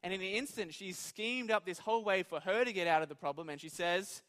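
A man's voice: high voice, fairly quick, a bit bright. A man preaching a conversational sermon in a church hall, talking informally and putting questions to his audience. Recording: long hall reverb.

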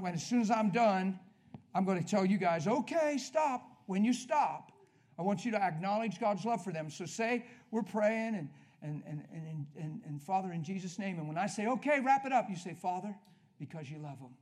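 A man preaching at a healing service in an energetic, conversational way, coaching the congregation with quick questions. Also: sits high. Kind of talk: sermon.

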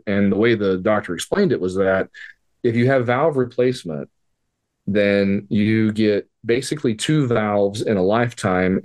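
With a lowish, slightly mellow voice, a man tells a personal story as a podcast guest. He keeps the language casual and profane and brings the dialogue to life through quoted voices, a conversational storytelling approach.

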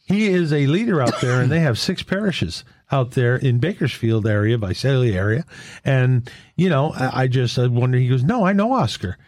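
A man recounting a faith moment with earnest conviction, his pitch rising and falling animatedly as he acts out both sides of a conversation. The sound is close and dry, with no room around it. He speaks at a middling pitch. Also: moderate pace, no room sound. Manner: earnest testimony, retelling dialogue in a lively back-and-forth. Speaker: Catholic men's fellowship leader. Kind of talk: faith-sharing conversation with storytelling.

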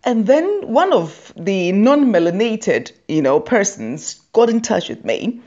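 A woman's voice: mid-range voice, big pitch swings, slow, mellow. A woman from Africa, giving a teasing satirical comedy monologue and laughing often. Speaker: comedy host. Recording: dull lo-fi recording.

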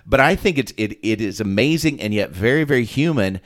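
A man co-hosting a podcast, reading a Bible passage in a calm, even manner and then chatting about it. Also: fairly low pitch, brisk. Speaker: podcast co-host and reader. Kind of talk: casual chat and scripture reading.

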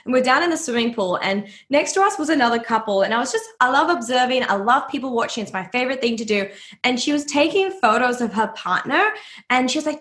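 A woman's voice: a little high, fairly quick, fairly bright tone. Bubbly woman hosting a podcast. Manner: bubbly, chatty storyteller. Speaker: podcast host. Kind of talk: casual podcast chat. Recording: echoey room.

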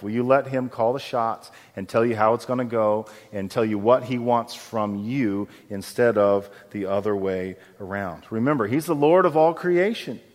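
A man preaching a sermon as pastor, conversational and often asking his congregation questions. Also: medium pitch. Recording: long hall reverb.

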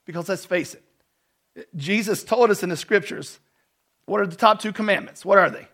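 A man preaching a sermon as a pastor, telling a personal story in a conversational way with self-deprecating humor, dropping to a soft voice for tender moments. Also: high voice, moderate pace.

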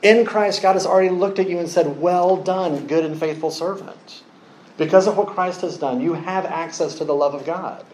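A man preaching a sermon, telling a story with lively acted-out quotes. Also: high-pitched, fairly quick, few pauses, roomy sound, a little hiss or hum, poor audio. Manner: animated storytelling, acts out quoted voices.

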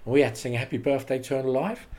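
Lively man telling stories. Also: medium pitch, rapid-fire. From England. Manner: animated anecdotes with quoted voices and laughs. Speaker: interview guest. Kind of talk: casual storytelling.

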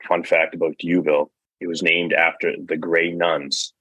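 A man who is a regular on a physical therapy podcast, chatting casually with frequent ums and pauses. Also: low voice, level tone, pushed and bright, no room sound, poor audio. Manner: hesitant, many ums.

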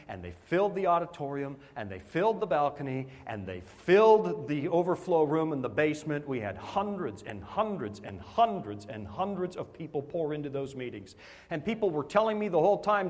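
A man's voice: on the high side, sing-song, moderate pace, a little mellow. A man preaching a sermon, telling a story with animation and laughing at himself along the way. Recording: hall with long reverb.

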